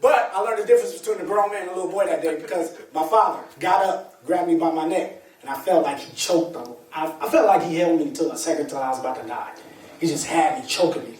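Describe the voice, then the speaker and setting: A man speaking as a motivational speaker, telling a personal story to an audience in an animated, colloquial way with laughter. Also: a little high, fast talker, a little hiss or hum. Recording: echoey room, distant mic, faint ambience.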